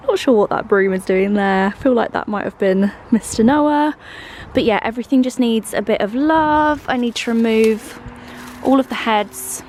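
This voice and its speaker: A woman's voice: medium pitch, darkish tone, recorded from a distance, a little hiss or hum, poor audio. Bubbly English woman vlogging. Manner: chatty, bubbly, thinking aloud while tasting food. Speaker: lifestyle vlogger. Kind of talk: casual vlog chat. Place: home kitchen, then outdoor garden.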